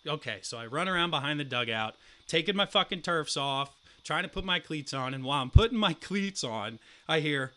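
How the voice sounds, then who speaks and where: A young man in his twenties co-hosting a casual sports podcast, telling a profane story and acting out the quotes loudly. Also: a little high, animated, normal speed. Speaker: podcast co-host.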